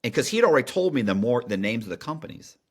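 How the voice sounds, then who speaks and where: A man's voice: mid-range voice, sing-song, fast, slightly rough. A middle-aged man telling a story as a podcast guest, in a casual, slangy way with many restarts and fillers.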